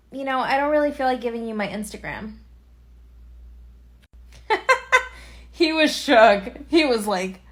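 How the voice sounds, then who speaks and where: Brief: casual woman storyteller, slightly high voice, chatty, acts out quotes. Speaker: social media creator. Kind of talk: casual storytime chat to camera. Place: at home, lying on a bed.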